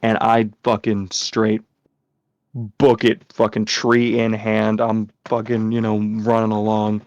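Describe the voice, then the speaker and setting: A man with a lowish, monotone, darkish voice hosts a podcast, slowly and casually telling a rambling story full of swearing and filler words. The recording is dry, with a dull lo-fi sound.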